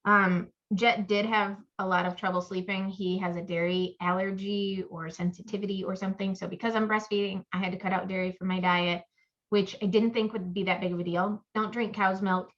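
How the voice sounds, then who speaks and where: A woman's voice: medium pitch, little pitch movement, brisk, a bit bright. A woman co-hosting a casual chat podcast, rambling through stories and acting out her own inner voice. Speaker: podcast co-host. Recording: muffled lo-fi audio.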